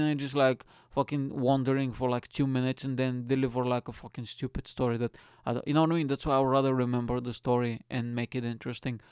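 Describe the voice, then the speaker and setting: A man hosts his own podcast, rambling from topic to topic with plenty of swearing and jokes. His voice is smooth and crisp with a gravelly fry. The sound is dry and close. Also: mid-range voice, a little mellow, dry recording. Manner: rambling, profane, jokey. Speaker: podcast host. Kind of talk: casual solo rant. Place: lives in Britain.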